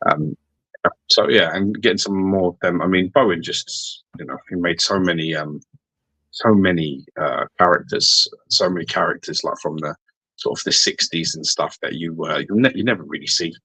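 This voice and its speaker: A man's voice: deep voice, moderate pace, sharp tone, husky, no room sound, poor audio. A man co-hosting a podcast in casual chat, rambling and repeating words, with the odd swear. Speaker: podcast co-host.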